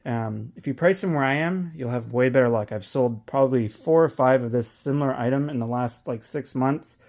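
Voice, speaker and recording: A man's voice: mid-range voice, normal speed, a little mellow. A man talking casually as an online reseller, candid and profane, rambling with frequent restarts. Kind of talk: casual vlog commentary.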